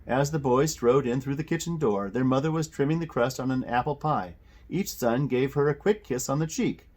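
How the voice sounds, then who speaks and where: A man reading a children's mystery novel aloud, expressive, with occasional self-corrections. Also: mid-range voice, moderate pace. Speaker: audiobook reader.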